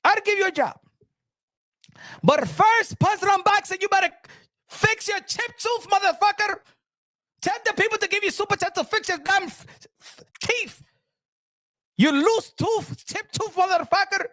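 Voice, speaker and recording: A man's voice: extremely high pitch, unhurried, pauses often, bright, forceful tone, no echo, studio quality, voice pushed up, exaggerated voice. A man doing a comic impression of a pushy middle-aged male boxing promoter who makes demands and repeats himself. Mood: shouting.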